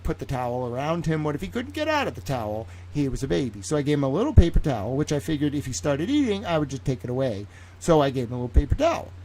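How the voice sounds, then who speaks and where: A man rambles through a story on his stream, swearing freely. His voice is fairly high for a man and swings widely in pitch as he gets animated. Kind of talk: casual livestream rant.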